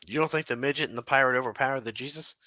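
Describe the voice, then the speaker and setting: A man's voice: mid-range voice, rapid-fire, bright, forceful tone, no echo. A man co-hosting a podcast, trading crude jokes in casual banter and laughing often. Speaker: podcast co-host.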